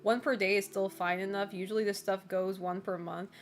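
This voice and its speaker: A woman streamer chats casually with her live chat in a mid-range voice, speaking a little fast with a flat delivery. Her talk is loose and packed with "like" and "you know," and she laughs often between remarks. Faint music plays behind her.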